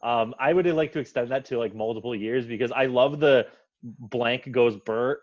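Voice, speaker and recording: A man's voice: medium pitch, moderate pace, dry recording, muffled recording. A man talking as a guest on a sports podcast, blunt and opinionated, swearing casually.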